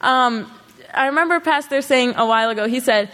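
A woman's voice: sits high, fairly quick, a bit bright. A woman giving an earnest sermon to a congregation, pressing her listeners with rhetorical questions. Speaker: congregation speaker. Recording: long hall reverb.

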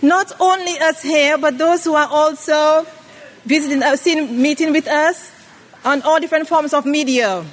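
In a reverberant worship hall, a woman with a high-pitched voice preaches a sermon at a moderate pace. She uses call-and-response, asking the congregation questions for them to answer.

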